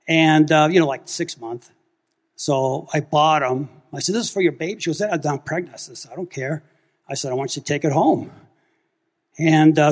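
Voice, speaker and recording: A man in his fifties telling a congregation a family story, acting out the dialogue with lively energy. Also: a little high. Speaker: church member sharing a testimony. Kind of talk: testimony story told to a congregation. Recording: long hall reverb.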